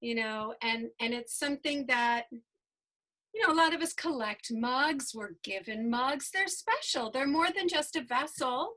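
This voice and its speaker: Bright, high-pitched New woman host. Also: expressive, rough recording. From New York. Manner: chatty and effusive, quick to laugh. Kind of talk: casual video-call interview. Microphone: video call.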